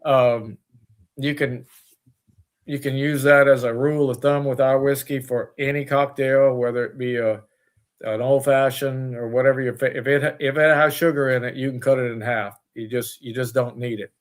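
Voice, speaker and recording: A man's voice: medium pitch, fairly even intonation, moderate pace. A man, the owner of a distillery, talking as a guest in a casual interview, rambling with many fillers and restarts.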